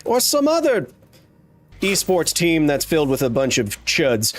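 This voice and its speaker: A man's voice: fairly high pitch, wildly swooping pitch, measured pace, faint music behind. A man in his thirties giving playful, jokey live commentary while streaming a game. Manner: playful, jokey, slips into silly voices and exclamations. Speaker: gaming streamer.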